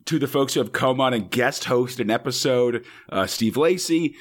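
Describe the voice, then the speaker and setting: A young American man co-hosts a casual podcast with a sick, slightly hoarse voice. He rattles through lists and throws in joking asides, a loose and rambling talker in his middle register. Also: medium pitch, moderate pace. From United States. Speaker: podcast co-host.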